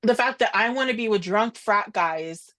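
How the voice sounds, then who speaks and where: As a podcast co-host, a young woman with a medium-pitched voice tells a story in casual chat. She's animated and drops quick asides quoting others.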